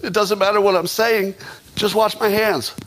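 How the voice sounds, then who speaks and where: A man's voice: high-pitched, steady tone, moderate pace, fairly bright tone, pitched above the performer's own voice, rough recording. A man doing a mocking impression of a babbling, overly confident female politician in a repetitive singsong.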